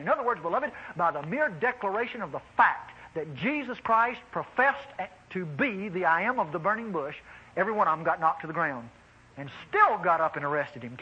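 A high-pitched, bright-toned man preaching a sermon with animated exclamations, calling his listeners beloved. His voice is a little husky, and the sound is dull and lo-fi like an old radio broadcast.

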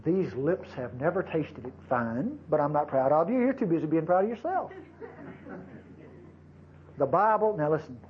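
A man's voice: on the high side, animated, moderate pace, long pauses, muffled recording, slight background noise. A man preaching a sermon to his congregation in a folksy, conversational way, with frequent asides to the listeners. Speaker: pastor.

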